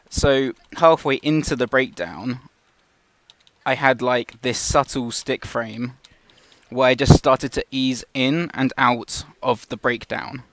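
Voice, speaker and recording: Gravelly-voiced man explaining animation. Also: mid-range voice, a bit bright, dry recording. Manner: casual, explanatory, with fillers and restarts. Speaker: animation tutor. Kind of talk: live tutorial walkthrough.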